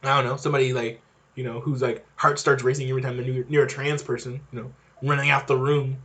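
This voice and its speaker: A man's voice: mid-range voice, flat delivery, quick pace, a bit bright. A young man hosting a podcast, talking in a casual, rambling monologue with many fillers and restarts. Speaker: podcast host.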